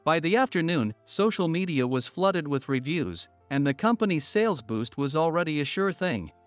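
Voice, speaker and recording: Higher-voiced man narrating a story. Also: sing-song, normal speed, no room sound, faint music behind. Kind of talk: scripted first-person story narration.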